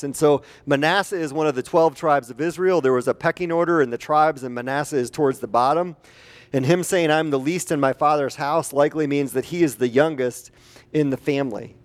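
A man preaching a conversational sermon as a pastor, animated and chatty, putting questions to the congregation. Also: a little high, a little fast.

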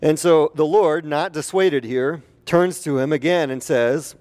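Pastor, male, mid-high voice; chatty sermon, quizzes the room. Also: unhurried, few pauses. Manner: asks the congregation questions, animated and chatty. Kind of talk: conversational sermon.

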